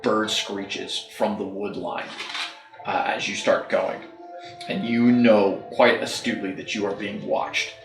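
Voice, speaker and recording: Male dungeon master, casual rambling narration, echoey room, faint music under. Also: fairly low pitch. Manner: rambling, filler-heavy narration. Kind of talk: narrating a tabletop game.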